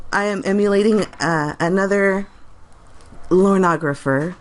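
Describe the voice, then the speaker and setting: A woman's voice: deep voice, moderate pace, darkish tone. A woman making a casual reaction video, reading comments aloud with sarcasm and frequent giggles.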